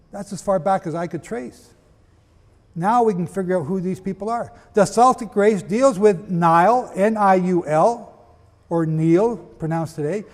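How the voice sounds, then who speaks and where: A man with a high voice and darkish tone teaches as a Bible teacher, lecturing through a sermon. He reads quotations aloud and questions the audience, and a long hall reverb colors the recording.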